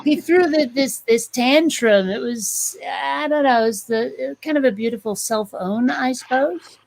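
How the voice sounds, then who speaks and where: A woman in a casual video call chat who tells animated stories, acting out what others said. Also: high voice, a little slow, gravelly. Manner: animated storyteller acting out quotes.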